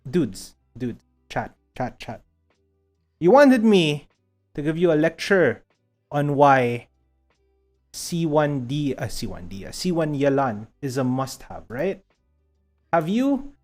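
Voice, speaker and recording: A man with a Filipino accent streaming live, rambling casually to his chat while he sorts out his software. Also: on the high side. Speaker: VTuber streamer.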